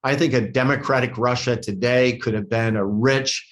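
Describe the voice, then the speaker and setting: A man's voice: mid-range voice, steady tone, normal speed, fairly bright tone. Earnest older man in an interview. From United States. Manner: earnest, repeats words, many "you know" and "uh" fillers. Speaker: former ambassador, interview guest. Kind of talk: conversational interview.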